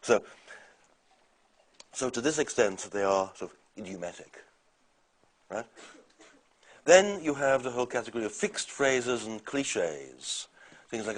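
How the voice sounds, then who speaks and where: A man's voice: mid-range voice, very animated, measured pace, pauses often. A man giving a university lecture, talking in a conversational, hesitant way with many fillers and restarts.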